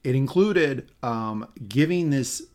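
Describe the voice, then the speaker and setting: A man's voice: medium pitch, lively intonation, slow pace, darkish tone. Wry, rambling male podcast co-host. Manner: rambling, self-correcting, wry asides. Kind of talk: casual podcast recap.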